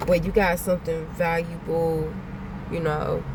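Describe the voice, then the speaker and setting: Woman, lower register, casual blunt spiritual vlogger who repeats her warnings and swears, traffic noise loud behind her. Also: level tone, measured pace. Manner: blunt, repetitive, swears freely. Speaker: spiritual vlogger giving a channeled message.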